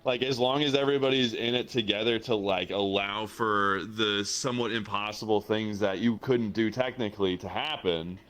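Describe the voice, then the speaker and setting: A man's voice: lowish voice, fairly even intonation, a bit bright, smooth. A man hosting an interview, enthusiastic and chatty, often stopping and restarting his sentences. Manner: enthusiastic, halting, many restarts. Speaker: host. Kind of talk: casual interview chat.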